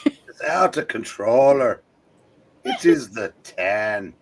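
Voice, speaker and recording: Comic Irish cop put on by a man: gruff, gravelly, slow delivery. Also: medium pitch, huge pitch swings, a little hiss or hum, heavily acted. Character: blustery Irish male police officer. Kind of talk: comic impression on a live stream.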